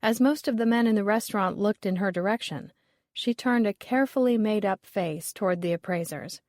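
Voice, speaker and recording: Reading from a script, an audiobook narrator voices a mystery novel in a measured, even manner. She's a woman with a medium-pitched voice, and the recording is dry and of studio quality.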